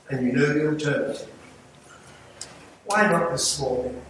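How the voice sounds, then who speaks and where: A man's voice: a little high, moderate pace, long pauses, fairly bright tone. An older man with an English accent preaching an earnest sermon as an evangelist, pleading with the congregation and making small jokes. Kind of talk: sermon with altar call. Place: church sanctuary. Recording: echoey hall, mic far off, audible room noise.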